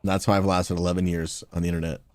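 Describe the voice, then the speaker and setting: A man with a somewhat low voice chats with friends while playing a game, often breaking into laughter. He calls out plays with eager energy into a gaming mic. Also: flat delivery, quick pace, slight background noise. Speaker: gaming streamer and pastor. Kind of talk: casual gaming chat with friends.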